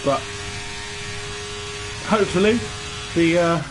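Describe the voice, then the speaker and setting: A man giving relaxed live commentary on an online race and greeting viewers in the chat. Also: fairly high pitch, slow. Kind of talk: live sim-racing commentary. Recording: noisy stream with engine sound behind.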